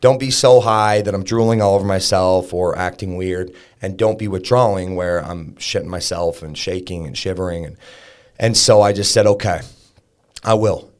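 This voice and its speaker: A man's voice: deep voice, normal speed. A man in his thirties, a podcast guest, candidly telling a personal story in a conversational way, full of fillers and restarts.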